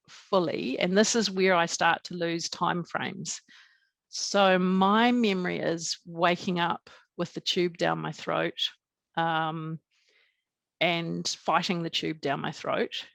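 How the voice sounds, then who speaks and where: A woman guest on a podcast telling her own story in a calm, matter-of-fact way, with many soft fillers. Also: fairly low pitch, gravelly, no echo. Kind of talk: personal storytelling.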